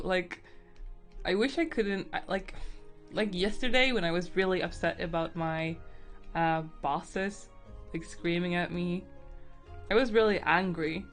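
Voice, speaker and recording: A woman chatting casually on a live art stream, teary and emotional, laughing often. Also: medium pitch.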